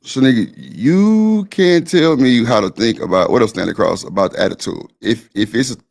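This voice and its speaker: A man's voice: medium pitch, lively intonation, normal speed, creaky, a little mellow. A man hosting a casual live-stream panel, talking in a blunt, defensive, slangy way.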